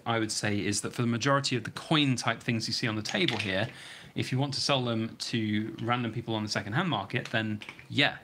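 A man's voice: fairly low pitch, bright, forceful tone, slight background noise. A British man hosting a long live stream, reading out viewer comments and answering them in a rambling, chatty way, his voice getting a bit worn. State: starting to lose his voice. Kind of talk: casual live stream chat.

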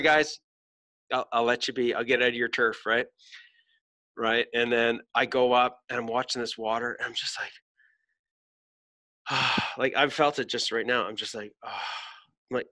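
A man hosting a podcast, telling an animated story in casual chat, swearing freely and acting out voices. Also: mid-range voice. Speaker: podcast host.

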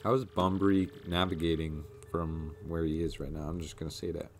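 A man's voice: extremely low pitch, little pitch movement, fairly quick, a little hiss or hum. A man hosting a let's play, making wry, offhand comments between game lines. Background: faint game music.

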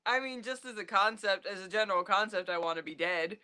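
A woman co-hosting a podcast in casual chat, giggly and animated. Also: medium pitch, a little fast, clean tone, dry recording. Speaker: podcast co-host.

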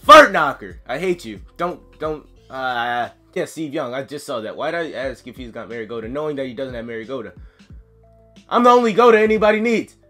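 Male gamer commentator, bright and high voice, swings from mutters to sung shouts, faint music behind. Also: expressive, brisk. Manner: yells and chants, sings cheers, flustered self-talk. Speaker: gaming commentator. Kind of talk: excitable live gameplay commentary.

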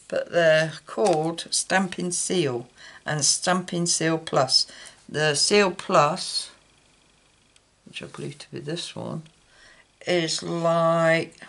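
Guy rambling thru a card tutorial, slow and gravelly. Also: on the high side, fairly bright tone. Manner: chatty, rambling, loses track mid-thought. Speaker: craft channel host. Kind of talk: casual card-making demonstration.

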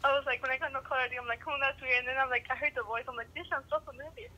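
A woman on a phone call, gushing and giggly with excitement. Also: sits high, racing. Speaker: caller on the phone. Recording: phone call with faint noise.

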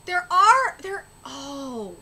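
A woman's voice: sits high, very animated, drawn-out words, sharp tone. A woman hosting a live reaction stream, talking emphatically, swearing and repeating her exclamations. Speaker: host reacting live to a manga chapter.

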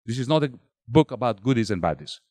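A man's voice: medium pitch, expressive, fast talker, a little mellow, no room sound. A middle-aged man from Greece giving a public talk at a bookstore, building his points rhetorically and with expression. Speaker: author speaking at a bookstore event. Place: bookstore event room.

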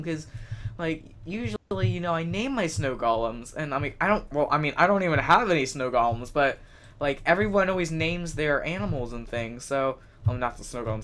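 A man's voice: a little high, a bit bright, a little hiss or hum. Chatty young man narrating a game. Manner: chatty, exclaiming, thinks aloud. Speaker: let's play host. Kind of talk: gameplay commentary.

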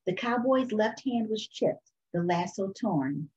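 A woman reading a children's picture book aloud for storytime in a calm, expressive way. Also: medium pitch, measured pace, highs cut off. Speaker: storytime reader.

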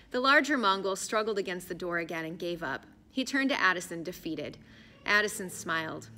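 A woman narrating an adventure audiobook in an expressive, storytelling manner. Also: fairly low pitch, a little fast. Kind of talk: scripted narration.

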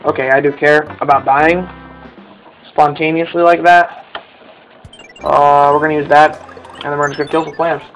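A young man giving excited commentary over his gameplay, often jumping up into high yelps. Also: normal speed, long pauses, soft background music, low-quality recording. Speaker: let's play gamer.

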